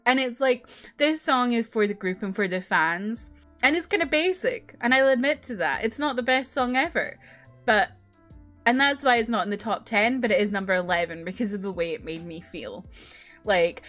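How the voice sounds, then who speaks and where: A woman's voice: fairly high pitch, normal speed, a bit bright, faint music behind. A young woman casually chatting as she ranks her favorite songs, rambling and gushing with lots of fillers and restarts. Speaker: K-pop video creator. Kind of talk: casual chat ranking songs.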